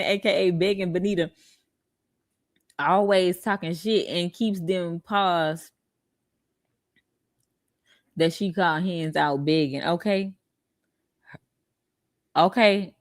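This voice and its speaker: Woman doing a reaction vid, talks slow and sassy, asks y'all questions, dry close sound. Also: on the low side, no room sound. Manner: animated, laughing, rhetorical questions to viewers. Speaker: commentary channel host. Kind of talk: reaction commentary.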